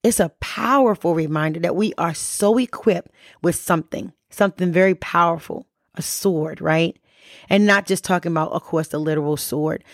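A middle-aged woman with a fairly low voice hosts a faith podcast. She teaches in a relaxed, conversational way and keeps checking in with the listener. The sound is dry and close, with no room around it. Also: normal speed, dry recording. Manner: conversational, keeps asking "right?". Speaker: podcast host.

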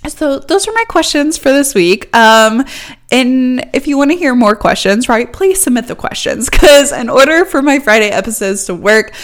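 A woman's voice: sits high, animated, moderate pace. A young woman hosting her own podcast, talking in a chatty, upbeat way with lots of fillers and laughter. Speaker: podcast host. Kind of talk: casual solo podcast chat.

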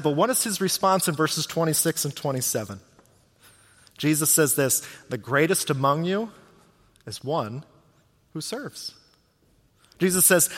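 A male pastor delivers a sermon in a relaxed, conversational way, often turning to his listeners with rhetorical questions. His voice sits a little higher than most men's. The sound carries the long reverb of a large hall.

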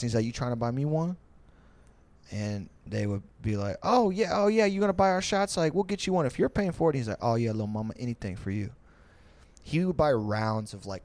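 A man's voice: fairly low pitch, darkish tone, no echo. A man on a podcast telling stories in a loose, rambling way, full of swearing and fillers, and slipping into mocking voices for the people in them. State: tipsy. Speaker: podcast host. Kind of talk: casual storytelling.

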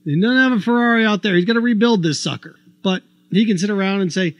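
High-voiced man arguing sports opinions. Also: fast talker, hardly any pauses, dry recording, lo-fi sound. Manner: argumentative, rhetorical questions, animated. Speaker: sports talk host. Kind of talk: opinionated sports commentary monologue.

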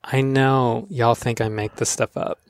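A man's voice: medium pitch, measured pace, dry recording. A man from Florida, a pro surfer hosting a podcast, telling stories casually with lots of laughing and acted-out voices. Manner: laughing, animated, acts out voices in his stories. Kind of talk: casual storytelling chat.

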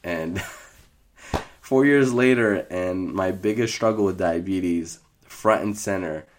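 Very deep-voiced young man rambling a story. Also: slow pace, a little hiss or hum. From Iraq. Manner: scattered, rambling, laughs through his story. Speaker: podcast host. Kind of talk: casual storytelling monologue.

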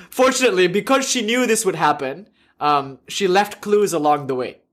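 A man giving a classroom lecture, his voice sitting a little high. He talks with animated energy, laughing often and restarting his sentences as he goes. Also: normal speed. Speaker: lecturer on religion.

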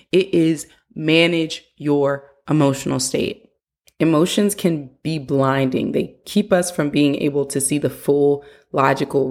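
A young adult woman hosting a parenting podcast, talking earnestly in a coaching way and sometimes acting out what a parent might say. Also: low-pitched. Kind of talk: casual advice talk.

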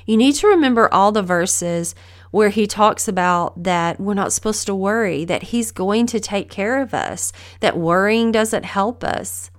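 A woman's voice: mid-range voice, unhurried. A middle-aged woman hosting a podcast, giving a casual, earnest Bible lesson and asking the listener questions. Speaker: podcast host teaching the Bible. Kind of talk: casual devotional teaching.

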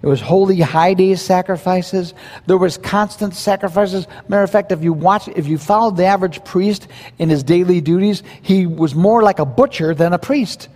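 A pastor preaching a verse-by-verse sermon in a conversational, animated way, with quoted asides. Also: male voice, high voice, normal speed, in a large hall.

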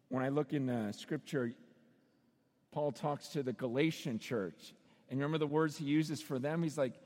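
Man, pastor, high voice, sermon, chatty questioning delivery, long echoing hall reverb. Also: normal speed, warm tone. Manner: conversational, questioning, acts out quotes.

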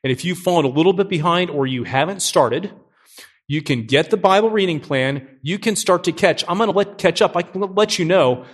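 A middle-aged man preaching a sermon as pastor, energetic and joking, often asking his listeners questions. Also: a little high.

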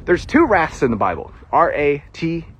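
A Southern US male preacher delivers a casual sermon in a higher-pitched, husky voice with a fairly bright tone. He's very animated, self-deprecating, and quick to laugh.

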